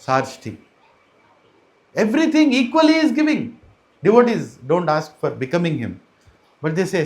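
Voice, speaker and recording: A man's voice: high voice, sing-song, moderate pace, pauses often. A man with a Telugu accent telling stories in a kids' class, playful and acting out the characters as he goes. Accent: Telugu-accented Indian English. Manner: playful, acts out characters, switches between English and Telugu. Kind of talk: animated storytelling talk to a mixed audience.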